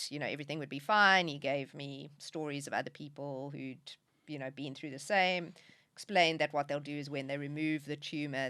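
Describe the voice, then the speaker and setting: A woman's voice: deep voice, fairly bright tone, dry recording. A middle-aged woman, a podcast guest, speaking candidly in a conversational interview. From South Africa. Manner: candid, emotional at times, laughs through tears.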